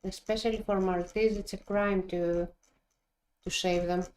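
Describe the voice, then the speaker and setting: A woman's voice: medium pitch, steady tone, a little slow, a little mellow, slight background noise. A woman from Greece with a Greek accent, chatting casually and teasing on a stream. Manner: playful, teasing.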